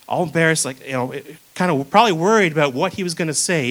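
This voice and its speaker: Young man, preacher, high bright voice, casual sermon, acts out quotes. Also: fast, few pauses, poor audio.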